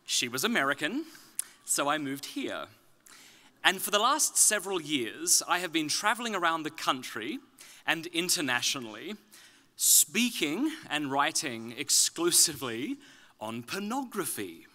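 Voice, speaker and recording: A man from Australia with an Australian accent softened toward British, giving a conference talk with dry, self-deprecating humor. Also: a little high, big pitch swings, a little slow. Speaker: conference speaker. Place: conference venue.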